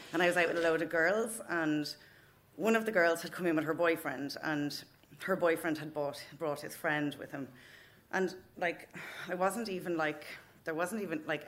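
A woman's voice: low-pitched, fairly bright tone. A woman in her thirties with an Irish accent, telling a funny story at a live open mic night, frank and swearing freely. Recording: noisy live venue recording.

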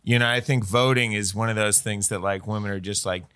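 A man, a comedian on a podcast, doing deadpan ironic bits in casual chat. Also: lowish voice, a little fast, smooth.

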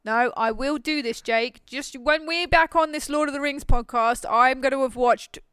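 Woman podcast host, smooth higher voice, chatty and jokey, dry sound. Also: normal speed, a bit bright, no echo. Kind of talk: casual chat.

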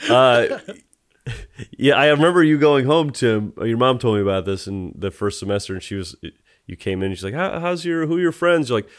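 A man's voice: lowish voice, moderate pace. A man co-hosting a podcast in joking casual chat, often acting out other people's voices. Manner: joking, playful, acts out voices. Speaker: podcast co-host.

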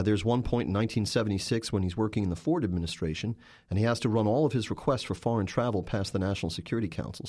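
A man's voice: lowish voice, a little mellow. A man, a journalist and author, answering interview questions with emphatic, storytelling narration.

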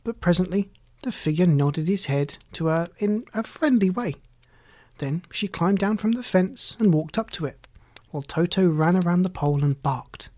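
Hushed, half-whispered storybook narrator, dry close sound. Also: mid-range voice, animated, no echo. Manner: soft and hushed, often half-whispered, unhurried. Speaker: audiobook reader.

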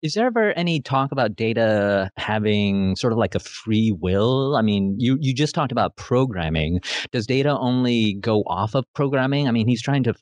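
A man's voice: mid-range voice, lively intonation, normal speed, hardly any pauses, darkish tone, dry recording. A man co-hosting a podcast, playful and giggly, asking leading questions. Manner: playful, giggly, feigns ignorance. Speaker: podcast co-host. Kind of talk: casual podcast chat.

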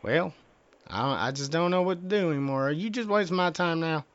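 A man's voice: on the high side, lively intonation, normal speed, a bit bright. A man with a Southern US accent making a prank phone call, rambling, bumbling and cursing as he talks. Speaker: prank caller.

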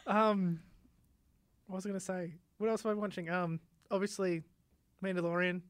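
A man's voice: high-pitched, steady tone, normal speed. A man hosting a casual podcast who laughs often and swears freely. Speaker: podcast host. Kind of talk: casual chat.

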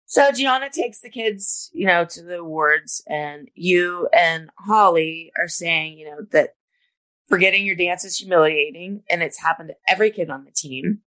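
A woman's voice: lowish voice, normal speed, a bit bright. A middle-aged woman co-hosting a podcast, recapping episodes step by step in a casual chat with frequent "you know" fillers. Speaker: podcast co-host.

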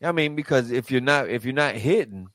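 A man's voice: medium pitch, expressive, brisk, a bit bright, no room sound. A man hosting a casual group chat, cursing freely and putting questions to the others. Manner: profane, loose, questioning the group. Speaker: podcast host.

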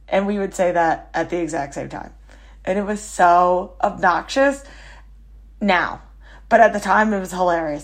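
Chatty woman telling stories. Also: on the low side. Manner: chatty, self-mocking, quick asides. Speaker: podcast host. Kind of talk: casual storytelling monologue.

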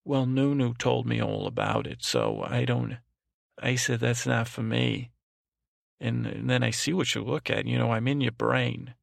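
A man's voice: mid-range voice, expressive, unhurried, creaky, no echo, clean studio sound. A man voicing an overprotective, cranky old grandmother who rambles, trails off and restarts constantly in a comic improvised monologue. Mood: rambling. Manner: meandering, trails off, frequent restarts and "I don't know". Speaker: podcast host.

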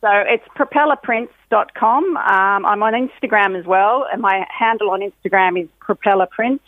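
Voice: mid-range voice, normal speed, no echo. A middle-aged speaker, chatting cheerfully as a guest on a phone interview. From Australia. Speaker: guest, graphic designer. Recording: tinny phone line.

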